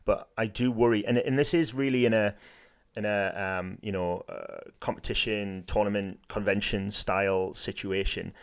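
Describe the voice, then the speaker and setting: A man with a somewhat deep voice chats casually as a podcast co-host. He probes each point with hypotheticals and plays devil's advocate, thinking out loud as a game master. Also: steady tone, normal speed, clear, resonant tone. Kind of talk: casual discussion.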